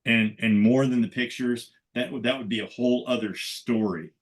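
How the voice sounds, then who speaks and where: A man's voice: mid-range voice, normal speed. An older man, a guest photographer, telling stories in conversation and acting out the voices of the people he quotes. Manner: animated storyteller who acts out quoted voices. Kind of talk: conversational storytelling.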